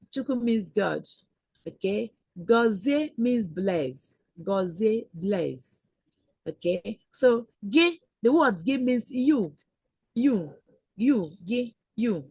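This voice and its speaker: Woman, teaching an online lesson, patient and slow, repeats words, fairly high voice, dry sound. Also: expressive, a little mellow, breathy edge, dry recording. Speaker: Igbo language teacher. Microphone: video call.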